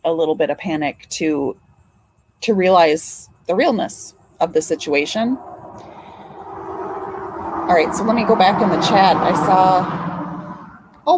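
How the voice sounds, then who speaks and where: An older woman, a grandmother, hosts a casual livestream, talking to her viewers in an emotional, chatty way at a medium pitch. She swears and then apologizes. Heavy background noise fills the recording.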